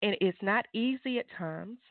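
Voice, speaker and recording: A woman's voice: normal speed, no room sound. Fervent woman on a tinny phone line. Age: adult mother. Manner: fervent, preachy, swings into high exclamations. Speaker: author and guest. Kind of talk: testimony on a call-in show.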